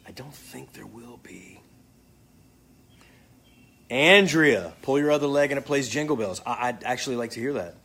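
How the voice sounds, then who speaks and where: Bright-voiced man joking with fans. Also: medium pitch, expressive, moderate pace, vocal fry, pauses often, breathy edge. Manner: joking, profane, off the cuff. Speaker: actor answering fan comments. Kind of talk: casual live chat.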